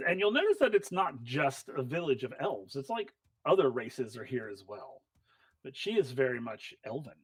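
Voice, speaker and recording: A man narrating as game master of a tabletop game, chatty and animated, with many fillers. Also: medium pitch, moderate pace, dry recording.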